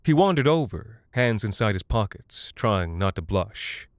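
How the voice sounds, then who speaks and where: A man narrating a dark literary story in a measured, deadpan way. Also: fairly low pitch, no echo, studio quality.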